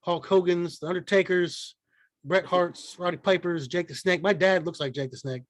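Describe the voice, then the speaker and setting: A man's voice: high voice, fairly even intonation, normal speed, dry recording. A man co-hosting a casual podcast, rambling and swearing with lots of restarts and fillers. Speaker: podcast co-host.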